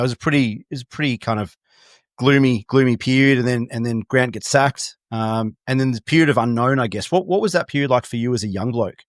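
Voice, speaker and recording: Halting man asking questions. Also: mid-range voice, no room sound, studio quality. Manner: halting, repeats words as he asks. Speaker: podcast co-host. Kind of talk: podcast interview questions.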